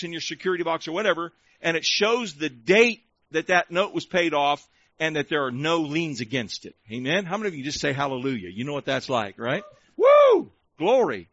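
A man preaching a sermon, calling for amens and shouting praise, slowing down to stretch key words for emphasis. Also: on the high side, dry recording, lo-fi sound. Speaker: pastor.

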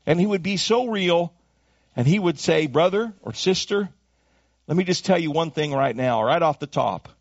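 A man preaching a sermon as pastor, swinging from high emphatic calls down to low hushed asides. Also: lively intonation, moderate pace, vocal fry, no echo, dull audio.

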